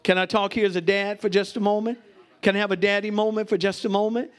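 A pastor preaching to his congregation in a very high voice. He rises to shouted peaks, laughs often and talks straight to the people in the pews. He is a middle-aged man delivering a lively sermon. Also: fast, some chatter behind. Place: church before a congregation.

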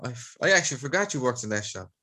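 A young Irish man hosting a podcast, telling animated stories and swearing freely. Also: medium pitch, rapid-fire. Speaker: podcast host. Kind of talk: casual chat.

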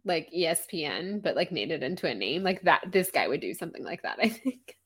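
A woman's voice: low voice, very animated, fairly quick, breathy edge. A young adult woman co-hosting a podcast in casual book-club chat, talking in a chatty, giggly way full of "like.". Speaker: podcast co-host.

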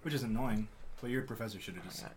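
A man's voice: fairly low pitch, fast, crowd noise. A young man in casual chat, blunt and slangy, throwing in bro and dude.

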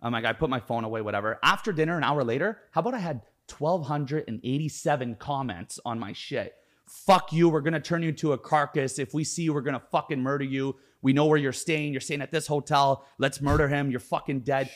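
A man's voice: mid-range voice, fairly quick. A man from Canada, a podcast guest, telling a story in casual chat, acting out quotes and swearing a lot.

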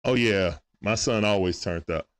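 A man's voice: lowish voice, moderate pace. A man giving casual play-by-play of a basketball game on a live stream, greeting viewers in chat and talking aside to his son. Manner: animated, greets chat viewers between plays.

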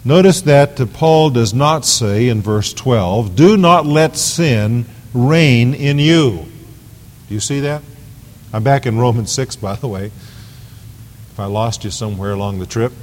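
A man's voice: lowish voice, unhurried, a little mellow. A man preaching an evening sermon as pastor, emphatic, repeating phrases for stress. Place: church sanctuary. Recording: long reverb of a large hall.

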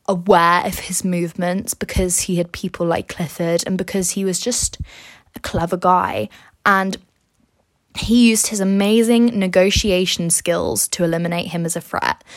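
A woman's voice: medium pitch, no echo. A young woman hosting a casual history revision podcast, chatty and jokey, talking close to the mic. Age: young adult. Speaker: student podcast host.

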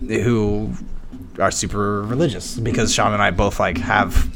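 A man's voice: lowish voice, fairly even intonation, a little slow, background noise. A man co-hosting a casual podcast, telling stories with quoted voices and a lot of laughing. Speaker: podcast co-host. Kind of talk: casual chat.

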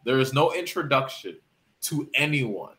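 A man's voice: medium pitch, animated, a little slow, sharp tone. A man co-hosting a casual podcast, ranting emphatically about a TV show. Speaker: podcast co-host. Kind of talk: casual chat.

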